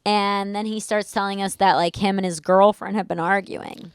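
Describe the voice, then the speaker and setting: A woman's voice: medium pitch, fairly even intonation, moderate pace, smooth, no echo, clean studio sound. A young woman co-hosting a casual comedy podcast at home, a chatty storyteller who laughs along. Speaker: podcast co-host.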